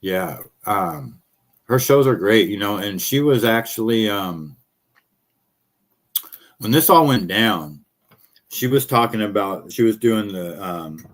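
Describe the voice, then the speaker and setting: Host, male, lowish voice, rants bluntly and swears a lot, hoarse from talking. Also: animated. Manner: blunt, profane, fast-talking. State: losing his voice. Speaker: show host. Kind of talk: casual ranting commentary.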